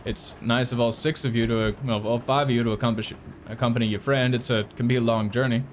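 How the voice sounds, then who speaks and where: A man's voice: medium pitch, steady tone, fast talker, slight background noise, close to an everyday voice. A man voicing a grieving widowed father who is earnest and folksy, talking in a rambling, stammering way. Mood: friendly.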